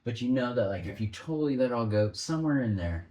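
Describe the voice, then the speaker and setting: A man's voice: mid-range voice, expressive, fast talker, mellow, a little hiss or hum. A man in a band, chatting on a podcast in a reflective way, with trailing, searching phrases. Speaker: band member guest. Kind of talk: casual chat. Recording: roomy echo.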